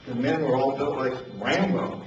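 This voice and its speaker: An older man from New Hampshire spins personal anecdotes, chuckling and stumbling over repeated words as he talks. His voice sits at an ordinary pitch but comes from well off the mic. It is caught in a very echoey space with a dull, lo-fi sound and a clear hiss of noise underneath. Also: fairly even intonation, normal speed, recorded from a distance. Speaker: speaker telling stories. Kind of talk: storytelling talk.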